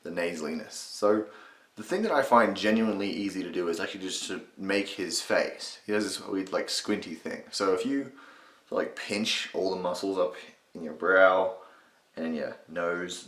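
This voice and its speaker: A man's voice: sits low, brisk, a bit bright. A young man casually teaching a voice impression, rambling, swearing and restarting his sentences. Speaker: channel host teaching impressions. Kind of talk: casual tutorial. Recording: echoey room.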